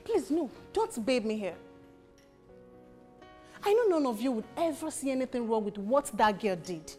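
An accusing, shrill older sister. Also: female voice, very animated, moderate pace, darkish tone, soft background music.

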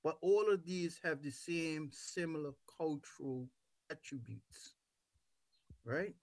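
A man's voice: on the high side, takes it slowly, a little mellow, no echo. A man from Bermuda hosting an interview show, talking emphatically and persuasively with rhetorical questions. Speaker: host.

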